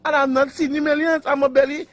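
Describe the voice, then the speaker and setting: A man delivers a comic monologue in a played clip. His delivery is wry and mock-puzzled, and his voice sits high. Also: little pitch movement, quick pace, noisy background. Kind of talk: comic social-media monologue.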